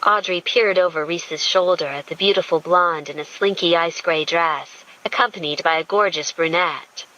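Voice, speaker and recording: A woman reading a romance audiobook in a smooth, intimate storytelling manner. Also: fairly low pitch, normal speed, few pauses, sharp tone, lo-fi sound. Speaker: audiobook narrator. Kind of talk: scripted romance narration.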